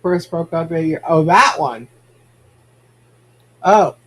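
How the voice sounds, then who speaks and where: A man's voice: fairly high pitch, expressive, takes it slowly, a bit bright, breathy edge. A man hosting a casual podcast, chatting and reacting to viewer comments. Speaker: podcast host. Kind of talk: casual gossip chat.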